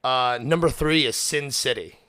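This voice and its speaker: A young man hosting a casual podcast chat, animated, with lots of fillers, restarts and swearing. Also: mid-range voice, moderate pace, clear, resonant tone, no echo, clean studio sound. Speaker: podcast host.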